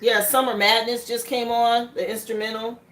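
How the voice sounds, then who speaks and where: A woman's voice: a little high, little pitch movement, normal speed, fairly bright tone. A woman giving a live tarot reading in a chatty, rambling way, laughing between points. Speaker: tarot reader. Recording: echoey room, faint background noise.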